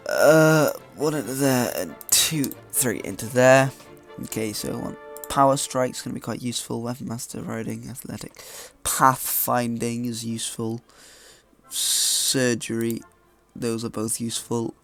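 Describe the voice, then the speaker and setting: A man with a gravelly, creaky voice gives casual commentary over a game, thinking aloud and hesitating as he makes choices. Faint game music plays behind him. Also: medium pitch, steady tone, unhurried, fairly bright tone. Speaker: let's play gamer.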